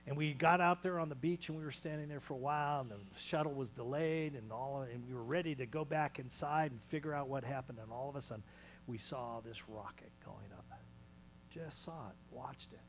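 A male pastor preaching a sermon in a small church, moving between loud calls and hushed near-whispers. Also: mid-range voice, brisk, poor audio.

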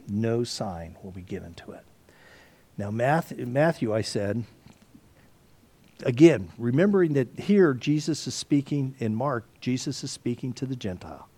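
A man teaching a Bible study, swinging between loud emphasis and hushed asides, with frequent restarts and throat clearing. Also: mid-range voice.

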